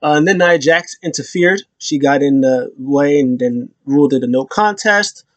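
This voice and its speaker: Recapping wrestling in a loose, rambling way, this man uses lots of fillers and restarts and leaps into loud, high voices for quotes. He talks at a moderate pace; the audio is dull with no room sound.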